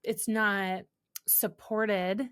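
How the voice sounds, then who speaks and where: Candid, animated woman podcast guest. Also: mid-range voice, clear, resonant tone. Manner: animated, quick and candid, acting out quoted remarks. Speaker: guest, holistic business coach. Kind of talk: casual podcast conversation.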